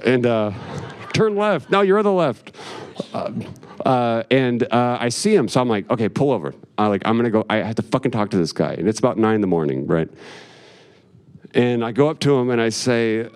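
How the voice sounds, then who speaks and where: A man's voice: medium pitch, a little fast, a little mellow, smooth. A man telling a rambling personal story on stage, with profane, wry asides. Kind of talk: live storytelling with jokes.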